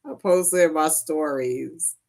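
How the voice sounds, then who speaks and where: A woman's voice: low-pitched, takes it slowly, vocal fry, a little mellow. A woman hosting a live sewing stream, chatting casually with viewers and laughing often. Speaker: livestream host. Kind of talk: casual chat while sewing.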